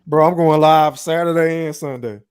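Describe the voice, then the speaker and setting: A man who streams, talking casually in a quick, emphatic back-and-forth. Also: a little high, steady tone, darkish tone, smooth. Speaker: fellow streamer. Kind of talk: casual chat.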